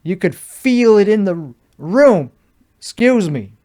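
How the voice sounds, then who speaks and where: A man's voice: high-pitched, sing-song, slow pace, mellow. Profane rambling man with a Chicago accent. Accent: put-on Chicago accent. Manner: rambling, profane, mock-bravado. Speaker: podcast host. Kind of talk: solo comedy podcast rant.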